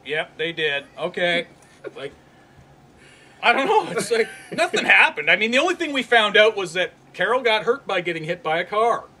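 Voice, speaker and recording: A man co-hosting a casual show review, ranting with lots of swearing and shouting. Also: high voice, sing-song, normal speed, background noise. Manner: profane ranting, shouts then trails off into mumbling. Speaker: podcast co-host.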